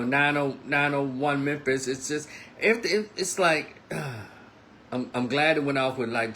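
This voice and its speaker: A man's voice: medium pitch, slight background noise. A man giving a casual monologue, telling a story and acting out the people in it. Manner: animated storytelling, acts out quotes. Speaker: commentator.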